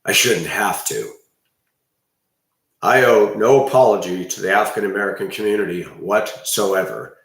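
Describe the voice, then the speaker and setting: A man's voice: lowish voice, expressive, moderate pace, a bit bright, far from the mic. A man in his fifties giving an emphatic, rambling ranting monologue with frequent restarts. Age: 50s. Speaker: video commentator. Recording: very echoey room, voice off-mic.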